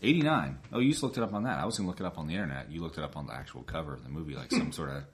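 A man's voice: very deep voice, very fast, slight background noise. A man co-hosting a podcast, chatting casually about a movie and acting out its lines with animation. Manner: animated, acts out lines from the film. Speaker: podcast co-host.

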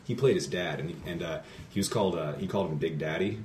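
A man hosting a podcast, talking in casual chat with halting, rambling storytelling and many restarts. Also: low voice, darkish tone, roomy sound, recorded from a distance, slight background noise. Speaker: podcast host.

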